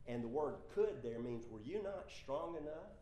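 A man's voice: a little high, lively intonation, normal speed, dark tone, roomy sound. A man preaching a sermon in a conversational way, with asides and small jokes. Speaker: pastor.

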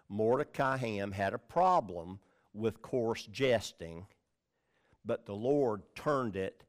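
A male pastor teaching from the Bible in a conversational sermon, reading scripture with stress on key words and often checking in with the listeners. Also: lowish voice. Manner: conversational, checks in with "all right?" and "okay?".

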